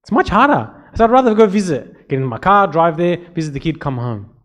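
A man's voice: a little high, very animated, fairly quick, a bit bright. A man who is a priest, giving an informal talk to church servants, telling stories. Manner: conversational storytelling, repeats words when emphasizing.

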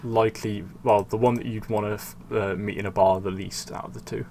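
A man's voice: fairly low pitch, fairly even intonation, a little fast, creaky, dark tone, slight background noise. Wry young man commenting on a game. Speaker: channel host.

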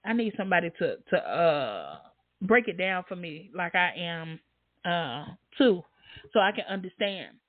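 A woman's voice: unhurried, dry recording. Woman hosting a livestream, tinny and dry. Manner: animated, reads chat comments aloud, swings high for emphasis. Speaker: livestream host. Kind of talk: casual live-chat commentary. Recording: dry, tinny phone-like sound.

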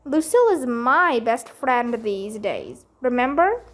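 A theatrical little boy from a storybook, scheming and dramatic, as a woman reads him aloud. The voice sits high and the lines come slow and weighty. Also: very animated, a bit bright, full character voice. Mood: bossy.

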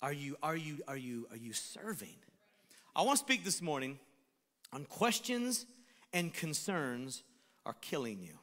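A man preaching a sermon as pastor, animated, swinging between shouted lines and hushed asides. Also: mid-range voice, normal speed, big-room sound. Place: church sanctuary.

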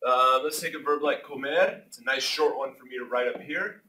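A man who is a native English speaker, teaching a language lesson in an energetic, jokey way and punctuating points with loud exclamations. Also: mid-range voice, moderate pace. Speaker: Spanish teacher. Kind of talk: classroom lesson explanation. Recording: echoey room, mic at a distance.

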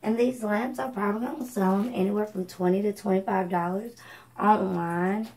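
Woman with a gravelly voice. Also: medium pitch, steady tone, moderate pace, darkish tone, a little hiss or hum, low-quality recording. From Georgia, US. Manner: rambling, many ums, self-correcting. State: coughing from allergies. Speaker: thrift haul vlogger. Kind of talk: casual chatty haul video. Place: home at night.

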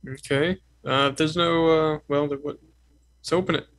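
Bright, brash male game player. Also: fairly high pitch, fairly even intonation. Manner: brash, impatient, quick questions. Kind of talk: casual tabletop game chat.

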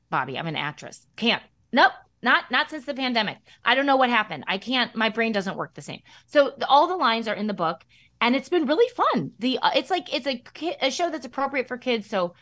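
Bubbly Midwestern actress guest, lively pitch, casual chat in a studio, lots of restarts. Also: female voice. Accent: Midwestern American. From American Midwest. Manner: bubbly, animated, many restarts. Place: radio studio.

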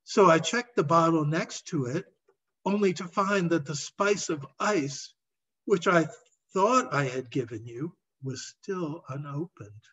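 Man playing a remorseful herbalist woman, wailing apologies, slow, husky, muffled recording. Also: fairly high pitch, animated, a bit bright, far from the mic, exaggerated voice.

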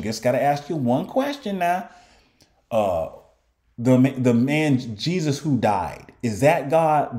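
A man preaching a sermon in an animated way, often mocking his opponents in put-on voices. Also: on the high side.

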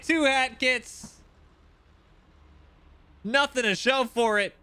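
A man commentating recorded shooter gameplay, excitable and quick to react, with wry asides. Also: very high voice, background noise. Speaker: gaming channel host.

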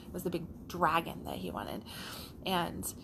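A middle-aged woman coach telling a casual, animated story, acting out the lines of her child and herself. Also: lowish voice, a little slow, vocal fry, noisy background. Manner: animated, acts out a child's voice and her own in quotes. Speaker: life coach.

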